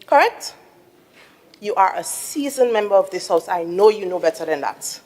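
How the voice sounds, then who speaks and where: A woman's voice: medium pitch, expressive, a little mellow. Firm woman presiding officer in a reverberant chamber. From Tobago. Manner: firm, measured, admonishing. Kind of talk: chairing a parliamentary sitting. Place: assembly chamber.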